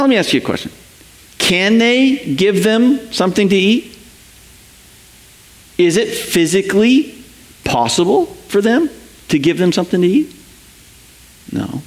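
A man delivers a sermon with a lively, swooping voice that sits a little above the usual male pitch. He tells his stories with animation and slips into the voices of the people he quotes. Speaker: pastor.

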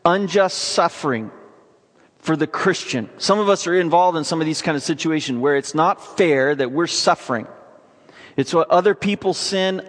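High-voiced, excitable preacher in a hall. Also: male voice. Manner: energetic, emphatic, with sudden bursts of excitement. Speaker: pastor. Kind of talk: sermon. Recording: long reverb of a large hall.

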